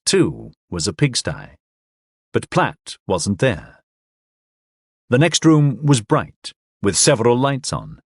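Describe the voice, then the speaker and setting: A man narrating a thriller audiobook in a dramatic, expressive reading style. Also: medium pitch, no echo, studio quality.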